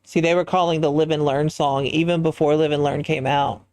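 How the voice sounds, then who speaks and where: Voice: medium pitch, fairly even intonation, a little fast, a little mellow, smooth, no room sound. A livestreamer chatting casually while designing a character, thinking aloud and answering chat in a musing way.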